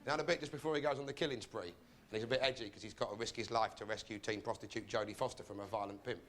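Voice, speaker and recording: A man hosting a comedy show, delivering a sardonic stand-up monologue with deadpan, mock-rude asides. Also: fairly low pitch, very fast.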